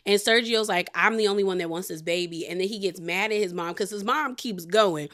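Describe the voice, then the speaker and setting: A woman's voice: medium pitch, fairly quick, few pauses, fairly bright tone. Chatty woman recapping reality TV. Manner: chatty, retells scenes in quoted voices, frequent "like". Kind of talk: casual recap commentary.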